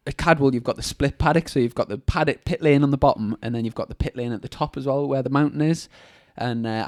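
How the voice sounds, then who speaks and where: Podcast host, mid-pitched man, chatty anecdotal storyteller. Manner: storytelling with restarts and laughs. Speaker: motorbike racer, podcast host. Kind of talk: casual chat.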